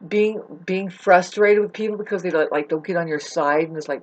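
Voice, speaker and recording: Speaking briskly in a lowish voice, a vlogger pours out her feelings in an unscripted monologue, upset and close to tears. She rambles, swears, and keeps looping back to start her sentences over.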